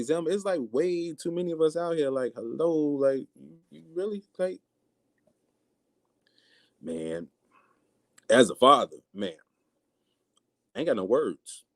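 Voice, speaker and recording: Recorded without room sound, the host talks in a mid-range voice at an ordinary pace. His casual live-stream commentary is blunt and energetic, and he performs the things others say.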